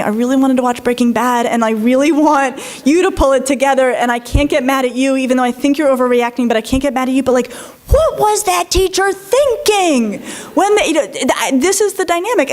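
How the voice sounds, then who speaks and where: A middle-aged woman, a psychologist, giving a lively conference talk, telling anecdotes and acting out quotes, with many "right?" and "like" asides. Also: high voice, brisk, hardly any pauses. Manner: lively storytelling with acted-out quotes, frequent "right?" and "like".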